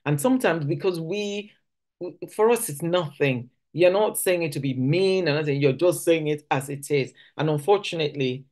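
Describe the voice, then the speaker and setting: A woman's voice: deep voice, moderate pace, darkish tone. Woman teaching at a church. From Nigeria. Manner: conversational, restarts sentences, acts out quoted speech. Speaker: church speaker. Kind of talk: practical teaching talk at a church service. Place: church service hall.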